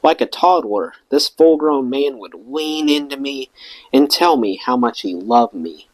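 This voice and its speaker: A man's voice: mid-range voice, expressive, unhurried, no room sound, poor audio. A man reading a rock memoir aloud as an audiobook, giving the quoted lines their own voices. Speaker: audiobook reader.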